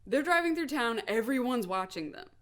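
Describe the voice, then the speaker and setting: A woman's voice: fairly high pitch, expressive, normal speed. A woman co-hosting a podcast, chatting casually and recapping a movie plot with lots of "like". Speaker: podcast co-host. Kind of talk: casual chat.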